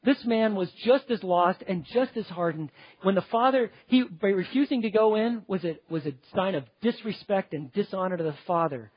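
A man's voice: sits high, normal speed, breathy edge, no echo, highs cut off. A man preaching a sermon in an earnest, emphatic way, often building lists of words one after another.

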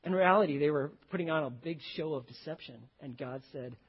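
A man preaching a sermon as a pastor, telling stories and rising to sudden loud emphasis. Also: a little high, fairly quick, breathy edge, highs cut off.

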